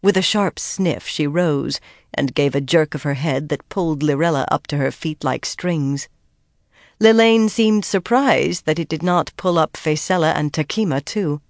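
An audiobook narrator giving steady, measured scripted narration of a fantasy story. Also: mid-range voice, dry recording, clean studio sound.

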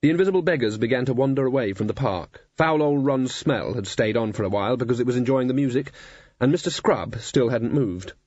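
A man reading a comic fantasy novel aloud in scripted narration, dry and even. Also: mid-range voice, a little fast, dry recording, lo-fi sound. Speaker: audiobook narrator.

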